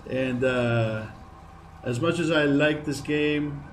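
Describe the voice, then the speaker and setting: A man's voice: a little high, slow pace, slight background noise, rough recording. Tired man streaming a game. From Greece. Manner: chatty, repeats himself, talks to viewers. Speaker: gaming streamer. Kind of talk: casual live gameplay chat.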